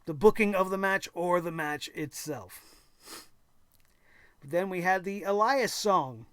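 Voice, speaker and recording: A man's voice: high-pitched, fairly bright tone, no room sound. A man hosting a wrestling show, recapping the episode in a sarcastic, exasperated rant and mocking the wrestlers now and then. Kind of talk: opinionated recap commentary.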